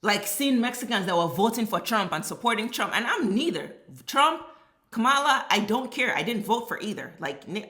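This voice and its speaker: A woman's voice: lowish voice, sharp tone, roomy sound. A woman vlogger delivering a blunt, heated, profane commentary rant. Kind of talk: ranting social commentary.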